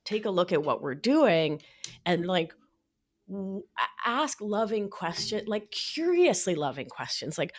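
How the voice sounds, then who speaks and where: A woman talking as a podcast guest in casual chat, playful and animated, with lots of fillers and sudden high sing-song asides. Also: measured pace. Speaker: podcast guest, nurse practitioner.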